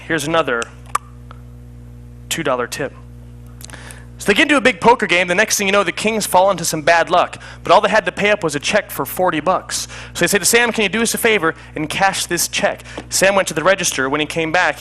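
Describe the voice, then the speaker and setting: Man, high bright voice, comedy magician storytelling patter, jokey and chatty, faint music behind. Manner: chatty, jokey, breaks off to laugh at himself. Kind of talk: storytelling card trick patter.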